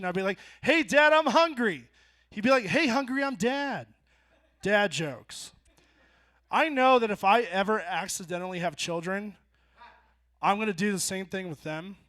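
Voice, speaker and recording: Man, twenties, high voice, stand-up comedian, deadpan storytelling, bar stage, handheld mic. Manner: deadpan storytelling that jumps into loud punchlines. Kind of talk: stand-up set. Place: bar stage before a live audience.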